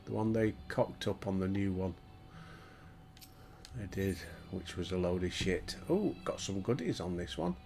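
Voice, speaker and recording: A man's voice: low-pitched, animated, measured pace, creaky, a little mellow. An older Yorkshire man chatting casually and swearing as he plays a game at home. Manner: chatty, swears and laughs often. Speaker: gaming streamer. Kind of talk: casual gaming commentary. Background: faint game music.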